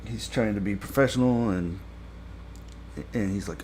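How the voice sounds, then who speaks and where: A man's voice: lowish voice, normal speed, darkish tone, slight background noise. A man giving a casual spoken review of a TV episode. He rambles with many fillers and grows exasperated when he complains.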